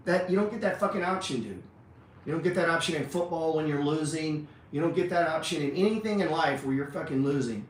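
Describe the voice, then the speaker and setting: A man's voice: a little high, quick pace, distant mic. A man giving a blunt, profane motivational rant about trading as a teacher, peppering his talk with "man" and "dude". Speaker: trading educator. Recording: echoey room, voice from off-mic.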